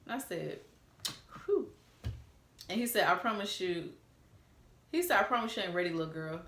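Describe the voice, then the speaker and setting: A woman's voice: lowish voice, fairly quick, pauses often, fairly bright tone, reverberant. A young woman telling a casual story to viewers, reading out old texts with candid, cussing asides. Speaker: storytime vlogger.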